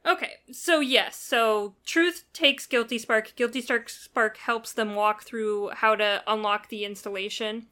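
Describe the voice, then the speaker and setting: Bright-voiced woman, animated podcast chat. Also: fairly high pitch, a little slow, hardly any pauses. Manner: animated, recapping a story. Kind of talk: casual chat.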